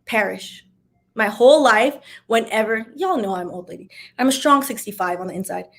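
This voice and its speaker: A woman's voice: fairly high pitch, moderate pace, vocal fry, a bit bright. Chatty, sassy young woman vlogger. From Miami, USA. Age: young adult. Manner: chatty and sassy, with wry asides. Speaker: vlogger answering viewer questions. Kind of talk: casual Q&A chat.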